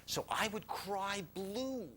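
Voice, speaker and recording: An older man telling a personal story to an audience. He is animated and self-mocking, and he drops into whispers for quoted lines. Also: sits high, takes it slowly, very noisy.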